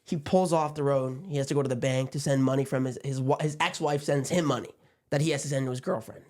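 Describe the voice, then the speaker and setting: A man's voice: medium pitch, steady tone, quick pace, darkish tone. A man in his twenties, a podcast guest, rambling through a story and quoting everyone with "I'm like". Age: 20s. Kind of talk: casual podcast chat.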